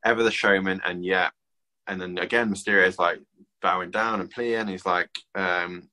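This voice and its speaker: A man's voice: deep voice, normal speed, poor audio. A man casually walking through a comic book plot on a podcast, with frequent ums and read-out lines. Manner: relaxed, summarizing with filler ums.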